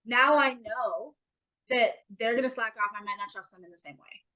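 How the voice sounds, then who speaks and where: A woman's voice: on the high side, normal speed, bright, forceful tone, rough recording. A woman co-hosting a casual podcast chat, talking in an emphatic, motivational way and swearing casually. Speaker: podcast co-host.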